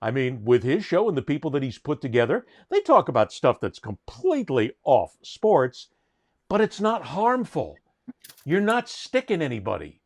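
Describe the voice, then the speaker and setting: A man's voice: a little high, huge pitch swings, normal speed. A middle-aged man hosting a sports talk show, telling stories in an emphatic, indignant way. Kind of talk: casual panel chat.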